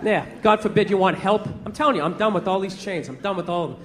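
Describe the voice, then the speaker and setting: A man in his forties doing a loud, profane, exasperated stand-up rant on a theater stage. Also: high voice, quick pace. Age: 40s. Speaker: stand-up comedian. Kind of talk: stand-up comedy set. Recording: live theater, laughing crowd, noise.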